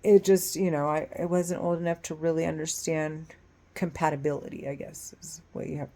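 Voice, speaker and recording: Rambling, swearing woman, lowish voice. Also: little pitch movement, fairly quick, mellow. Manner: rambling, profane, restarts often. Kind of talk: casual rambling monologue.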